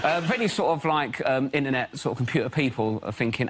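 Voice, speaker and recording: A man telling relaxed, self-mocking stand-up anecdotes. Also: mid-range voice, quick pace, few pauses. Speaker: comedian. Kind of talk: stand-up storytelling. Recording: studio audience laughter, noisy.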